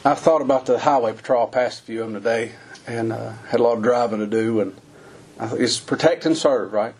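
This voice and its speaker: A man preaching a folksy sermon, his voice climbing high on the emphatic lines. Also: brisk, darkish tone, slightly rough.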